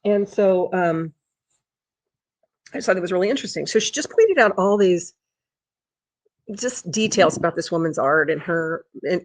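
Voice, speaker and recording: A woman talks to her viewers in a loose, rambling vlog style, circling back and restarting her sentences. Her voice sits on the low side. The sound is dry and close, with no room echo. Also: moderate pace, long pauses. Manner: chatty, rambling, with restarts and high sing-song talk to her dog. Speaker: vlogger. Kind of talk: casual chat.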